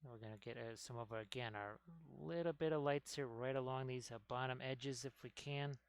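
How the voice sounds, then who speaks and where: Smooth-voiced man chatting while painting. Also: medium pitch, brisk, no room sound. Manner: rambling, talks while working, chats with viewers. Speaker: miniature painting streamer. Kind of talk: casual painting tutorial chat.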